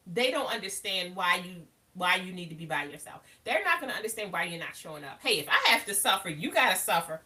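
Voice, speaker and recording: A woman's voice: on the high side, bright, forceful tone, far from the mic. A woman hosting a live motivational talk, speaking emphatically and animatedly, often calling her listeners baby. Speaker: live show host.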